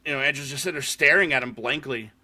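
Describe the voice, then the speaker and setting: Recapping a horror short film on his podcast, a man chats casually, swearing freely and filling his talk with fillers. His mid-range voice is bright and forceful, and he talks very fast.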